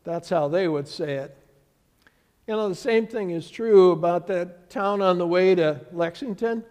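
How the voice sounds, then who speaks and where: High-voiced preacher in a reverberant church. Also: male voice, measured pace, darkish tone. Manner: storytelling preacher, conversational with quoted voices. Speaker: pastor. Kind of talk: sermon. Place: church sanctuary.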